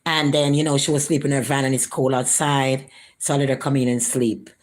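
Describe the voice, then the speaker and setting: Low-voiced woman telling a story. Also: fairly quick. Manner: animated, acts out quoted voices, rising pitch for quotes. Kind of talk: casual storytelling vlog.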